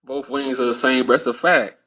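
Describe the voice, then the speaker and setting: A man's voice: mid-range voice, fairly even intonation, fairly quick, bright, forceful tone. A man giving blunt opinion commentary in a played clip, talking emphatically, repeating phrases and using plenty of slang.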